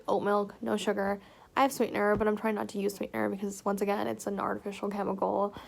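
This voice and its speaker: A woman's voice: on the high side, vocal fry. A young woman vlogging casually to camera from her home kitchen. She chats freely and often checks in with her viewers. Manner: chatty, often adds "okay?" to check in with viewers. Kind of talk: casual vlog chat to camera. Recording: echoey room, faint noise.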